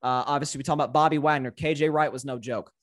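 A man's voice: mid-range voice, fairly even intonation, rapid-fire, fairly bright tone. A man from Tennessee with a slight Southern accent, co-hosting a casual sports podcast and making his points with emphatic repetition. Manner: emphatic, repeats words when building a point. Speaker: guest co-host.

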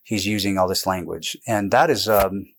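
A man being interviewed about his book, explaining at length in a casual, animated way, jumping between points and restarting sentences. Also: low voice. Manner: animated, digressive, quick bursts with restarts. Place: indoors with a camera close by.

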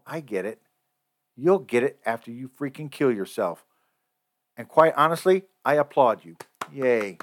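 A man's voice: mid-range voice, fairly bright tone. A man hosting a podcast, delivering a heated, profane, repetitive rant. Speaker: podcast host. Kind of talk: angry solo podcast rant.

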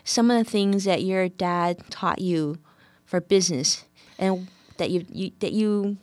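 A woman's voice: lowish voice, a little slow, darkish tone, dry recording. A woman hosting an interview, asking questions in an effusive, admiring manner. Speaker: interview host. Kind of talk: conversational interview.

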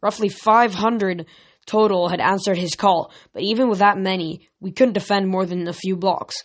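A woman's voice: medium pitch, fairly even intonation, normal speed. Woman narrator, amateur audiobook read, occasional stumbles and restarts. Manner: reading with slips and restarts. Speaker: reader. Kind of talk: audiobook reading of a novel.

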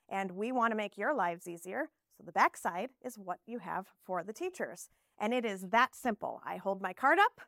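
A woman from Texas, an early childhood teacher giving an animated live conference presentation, slipping into playful classroom talk. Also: mid-range voice, no echo, studio quality.

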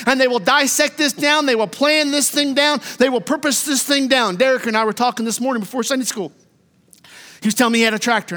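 High-voiced fervent preacher man. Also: long reverb tail. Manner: fervent preaching, rising to shouts then dropping low. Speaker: pastor. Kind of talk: sermon. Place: church sanctuary.

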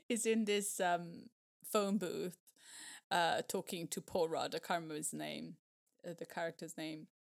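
An unhurried woman in easy conversation, laughing often as she talks. Her retelling of favourite scenes turns lively and exclamatory. Her words come at a relaxed, slow pace. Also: on the low side. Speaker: podcast co-host. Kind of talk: casual chat.

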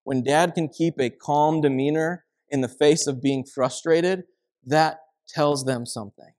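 A man's voice: on the high side, fairly even intonation, unhurried, a little mellow. A man preaching a sermon as pastor, telling everyday stories in a conversational way. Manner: conversational storytelling with acted quotes.

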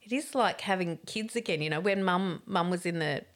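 A woman's voice: fairly low pitch, moderate pace. A middle-aged woman in casual chat, telling stories frankly and laughing often.

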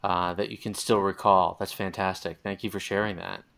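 Host, man, somewhat low voice, gentle affirming interviewer. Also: flat delivery, vocal fry. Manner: gentle, affirming, halting with fillers.

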